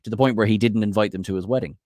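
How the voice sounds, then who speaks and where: A man's voice: on the low side, racing, darkish tone, dry recording, studio quality. A man co-hosting a podcast, talking casually with many hesitations and fillers. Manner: hesitant, filler-heavy talk. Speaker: podcast co-host on a charity stream. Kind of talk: casual chat.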